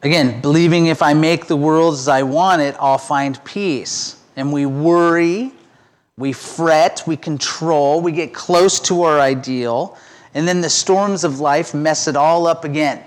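Man preaching in a relaxed, chatty way. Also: fairly high pitch, a little slow. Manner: conversational, self-deprecating preaching with restarts. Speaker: pastor. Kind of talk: sermon.

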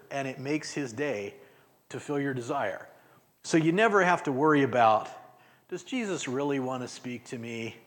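A man preaching an interactive sermon in a church, talking casually, polling the congregation and acting out sample prayers. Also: fairly high pitch. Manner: conversational, acts out prayers in voices, chuckles often. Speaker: guest speaker. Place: church sanctuary.

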